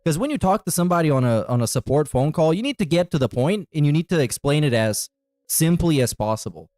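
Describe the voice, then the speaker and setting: A man's voice: fairly high pitch, lively intonation, fast talker, a little mellow, no echo. Blunt, dismissive man, dry close sound. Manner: blunt, dismissive, swears freely. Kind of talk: casual podcast banter.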